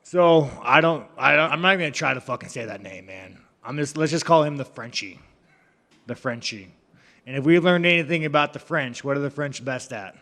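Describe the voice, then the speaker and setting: Male fighter at a press scrum: brash, cursing, rambling jokester, fairly high voice, long room echo. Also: moderate pace, sharp tone. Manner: brash, profane, rambling, joking. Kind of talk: media scrum answers.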